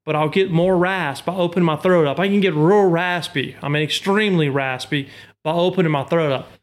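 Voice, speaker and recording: A man's voice: a little high, a little fast. Man patiently explaining duck calling. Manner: patient, explains step by step with examples. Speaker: duck call instructor. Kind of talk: casual instructional chat.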